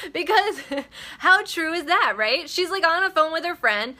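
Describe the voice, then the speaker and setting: A woman with a very high, sharp voice hosts her daily live video at a moderate, animated pace. Her motivational talk is casual, chatty and blunt, with free swearing and frequent laughter.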